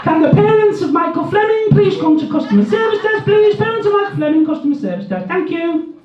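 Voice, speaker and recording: A man putting on a high, formal voice as a supermarket tannoy announcer. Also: sing-song, fairly quick, soft background music. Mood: officious. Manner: falsetto, sing-song and formal. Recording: echoey, distant, dull live sound.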